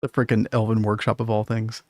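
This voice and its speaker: A man's voice: lowish voice, little pitch movement, fairly quick, a little mellow, no echo, clean studio sound. A man hosting a casual game stream, thinking aloud and chuckling often.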